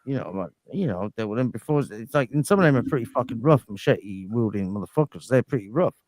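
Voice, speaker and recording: Rich: a man with an even, mid-pitched voice talks in loose, rambling banter, crude and self-mocking as he goes. His voice sounds dry and close, with no room around it. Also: fast talker, dry recording. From United Kingdom. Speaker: podcast guest. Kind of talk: casual banter.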